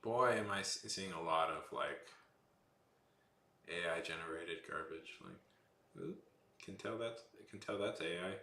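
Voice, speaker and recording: A man's voice: low voice, measured pace, long pauses, pushed and bright, reverberant. A man streaming while he draws, chatting casually with his viewers in a rambling, playful, joking way. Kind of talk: casual livestream chat.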